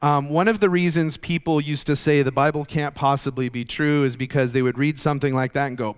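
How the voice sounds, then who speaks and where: Smooth-voiced man teaching Bible study. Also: a little high, fairly even intonation, a little fast, hardly any pauses. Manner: explanatory, many fillers and restarts.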